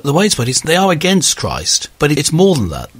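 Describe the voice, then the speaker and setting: A man hosting an audio discussion, talking in an earnest, animated conversational way. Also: fairly high pitch, a little fast, a little hiss or hum. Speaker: podcast host.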